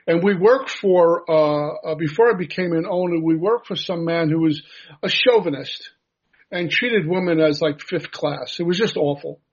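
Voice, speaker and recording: A man with a husky, somewhat higher voice tells his recovery story in an earnest, self-deprecating way. The recording sounds dull and lo-fi. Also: moderate pace. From United States. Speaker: recovery meeting speaker. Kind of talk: personal recovery share.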